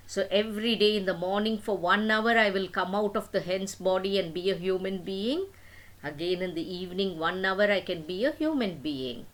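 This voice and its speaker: A gentle enchanted girl from a storybook who pleads and explains, her voice lifting and dipping expressively, as an older woman puts her on. The tone is soft and earnest. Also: medium pitch.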